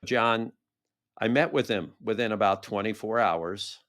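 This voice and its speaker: A man's voice: on the low side, unhurried, a bit bright. A man who is a podcast guest, telling a business story and acting out the dialogue. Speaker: guest, brand strategist.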